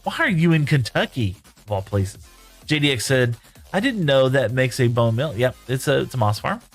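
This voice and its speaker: A man's voice: medium pitch, animated, normal speed, soft background music. A man streaming live from his home room, reading viewer chat aloud and answering in a folksy, rambling way.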